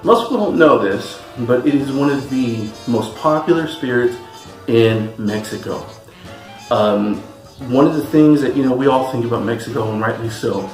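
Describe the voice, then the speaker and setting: A man's voice: mid-range voice, animated, moderate pace. A man from California giving an enthusiastic, chatty tasting review as the host of his channel. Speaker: spirits reviewer. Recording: echoey room with faint music.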